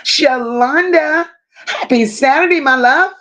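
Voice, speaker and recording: A woman hosting a casual livestream, greeting viewers one by one and reading their chat messages aloud. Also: high voice. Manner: warm drawn-out greetings, reads chat aloud. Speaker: livestream host.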